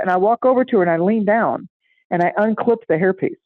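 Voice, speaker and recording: A middle-aged woman chatting casually and telling a lively story, acting out the voices of the people in it. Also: mid-range voice, fast talker, no echo. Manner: animated, acts out voices in anecdotes. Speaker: astrology guest. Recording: tinny phone-like line, dry.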